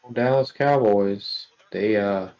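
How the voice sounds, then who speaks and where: A man chatting casually with a friend about sports, in a relaxed way. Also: fairly low pitch, slow pace. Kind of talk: casual chat.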